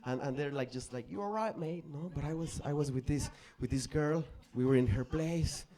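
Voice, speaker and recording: A man from Mexico performing a stand-up comedy set on stage, telling stories animatedly and acting out voices, with swings between loud and soft delivery. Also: mid-range voice, steady tone, normal speed. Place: comedy stage before a live audience. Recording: live club crowd audible. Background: audience laughter.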